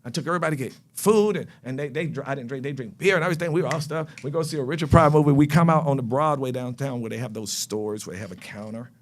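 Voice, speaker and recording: A man from North Carolina, a podcast guest telling a life story in an animated way and acting out scenes. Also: medium pitch, fast, few pauses. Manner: animated, acts out scenes and voices. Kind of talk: storytelling chat.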